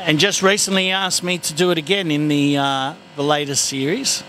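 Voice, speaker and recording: Animated comedian, noisy background. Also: male voice, a little high, moderate pace. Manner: animated storyteller, slips into comic voices. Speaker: guest comedian. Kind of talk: casual interview chat.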